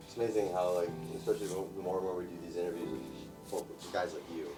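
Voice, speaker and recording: Deep male interviewer, quiet and measured, distant off-mic, loud music behind. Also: steady tone. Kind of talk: interview questions.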